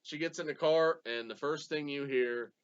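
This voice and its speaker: A man's voice: on the high side, normal speed, a little hiss or hum. A man guesting on a casual wrestling podcast, rambling and laughing often. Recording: dull lo-fi audio.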